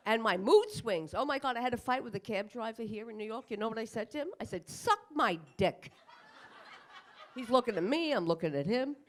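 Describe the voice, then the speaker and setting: A woman's voice: fairly high pitch, lively intonation, fast, few pauses. A woman in her fifties doing a crude, profane stand-up comedy set on a club stage, acting out asides. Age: 50s. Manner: crude, brash, profane punchlines with acted-out asides.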